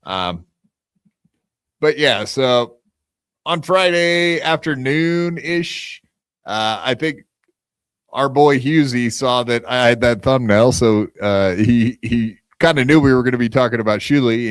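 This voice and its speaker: A man hosting a podcast, rambling along in a loose, profane way with plenty of fillers. His voice sits at an ordinary middle pitch, recorded dry and close with no room sound. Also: a little slow, clear, resonant tone, dry recording. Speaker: podcast host. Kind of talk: casual podcast chat.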